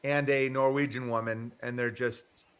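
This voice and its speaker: A man hosts a casual livestream, wandering through a story with chuckles and offhand swearing. His mid-range voice is clean and a bit bright, with little pitch movement and a normal pace.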